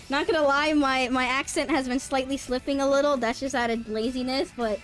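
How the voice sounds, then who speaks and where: A young woman streaming a game live, excitable and quick to laugh, swearing freely as she reacts. Her voice sits high, with faint game music running underneath.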